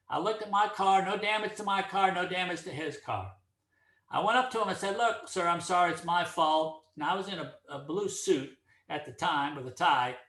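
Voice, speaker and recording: A man's voice: high-pitched, roomy sound. A middle-aged man giving a casual opinion monologue, telling stories and acting out the dialogue in them. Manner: animated storyteller, acts out dialogue. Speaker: speaker giving commentary.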